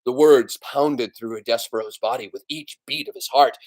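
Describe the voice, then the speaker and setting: A man reading a children's book aloud in an expressive storytelling voice. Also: medium pitch, moderate pace, creaky. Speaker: reader.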